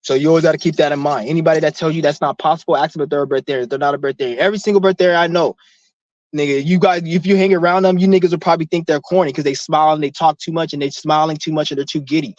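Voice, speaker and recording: A man with a slightly high voice rants at a rapid clip, rambling and swearing as he preaches to his viewers. The recording is dull and lo-fi, with a dry sound and no room echo. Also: fairly even intonation, darkish tone. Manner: profane, rambling, emphatic. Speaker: vlogger preaching breatharianism. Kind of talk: casual rant to camera.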